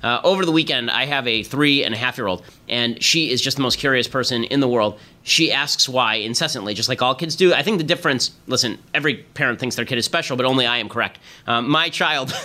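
A man's voice: mid-range voice, quick pace, few pauses, bright, forceful tone. A man hosting a political commentary podcast, emphatic and opinionated. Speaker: podcast host.

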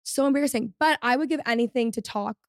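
A woman's voice: fairly high pitch, fast talker, no room sound, studio quality. A woman in her twenties from Texas with a Valley girl accent, hosting a podcast in a giggly, self-deprecating way. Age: 20s. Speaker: podcast host. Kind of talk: casual chat.

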